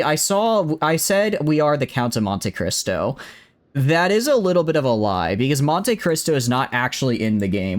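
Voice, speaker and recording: Rambling, self-mocking male game streamer. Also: mid-range voice. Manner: rambling, self-deprecating, frequent restarts and fillers; greets chat viewers by name. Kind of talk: casual live-stream chat over gameplay.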